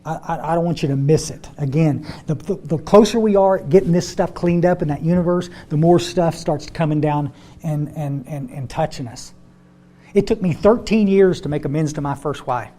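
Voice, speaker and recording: A man's voice: a little high, moderate pace, mellow. An older man speaking to a recovery group, folksy and repeating words as he tells his story. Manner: folksy, repeats words, addresses audience as y'all. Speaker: AA step study speaker.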